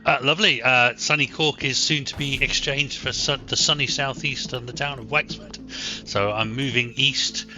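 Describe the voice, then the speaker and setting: A man's voice: medium pitch, fairly even intonation, moderate pace, bright, forceful tone, lo-fi sound, faint music behind. A man with an Irish accent, co-hosting a podcast in a casual, chatty, self-deprecating way. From Ireland. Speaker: podcast co-host. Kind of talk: casual chat.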